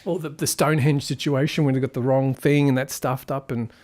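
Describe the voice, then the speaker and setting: A man's voice: mid-range voice, fairly even intonation, fairly quick, a little mellow. A man giving a casual spoken film review, rambling and critical as he thinks aloud.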